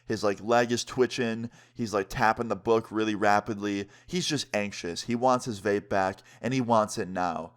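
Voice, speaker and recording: A young man vlogger telling a story in an animated, slangy way, swearing often. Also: fairly low pitch, normal speed, few pauses. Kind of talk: casual storytime.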